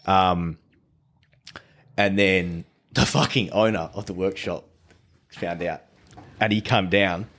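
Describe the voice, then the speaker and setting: A man's voice: sits low, takes it slowly, long pauses, fairly bright tone. A man who is a podcast guest tells his story in casual chat. He swears freely and often restarts his sentences.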